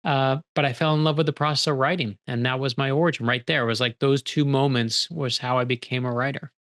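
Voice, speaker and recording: Animated storytelling man, quick bursts. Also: mid-range voice. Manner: energetic, animated, quick bursts when excited; acts out quoted dialogue in his stories. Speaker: guest author. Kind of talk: conversational storytelling.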